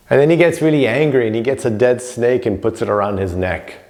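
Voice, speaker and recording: A man's voice: mid-range voice, lively intonation, a little fast, few pauses, darkish tone. A man teaching a recorded class on yoga scripture in a loose, conversational way, acting out stories as he goes. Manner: loose and conversational, acts out stories, many "you know"s. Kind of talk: informal recorded class lecture.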